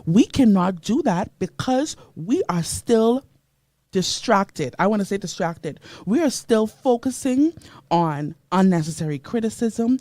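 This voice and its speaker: A woman's voice: mid-range voice, lively intonation, unhurried, a little mellow, no echo. A woman from the Bahamas hosting a motivational radio show, emphatic and preachy, greeting listeners by name from a studio mic.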